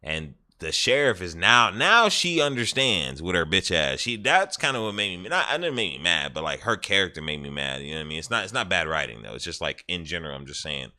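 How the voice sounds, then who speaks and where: A man's voice: sits low, very animated, fairly quick, hardly any pauses, pushed and bright. A man casually rambling on a livestream, swearing freely and laughing as he retells a scene. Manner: profane, rambling, laughs often. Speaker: gaming streamer.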